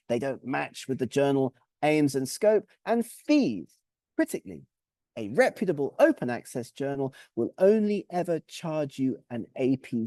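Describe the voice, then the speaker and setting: Male webinar presenter with a mellow tone and animated pitch, methodical and clear, dry close sound. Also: dry recording. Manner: clear, methodical explaining, with lists and recaps.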